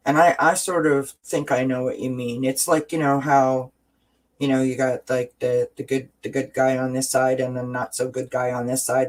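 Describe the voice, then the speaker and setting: A woman's voice: rumbling low, a little mellow. A woman hosting a casual livestream, reading viewer comments and talking through self-help ideas with frequent restarts and tag questions.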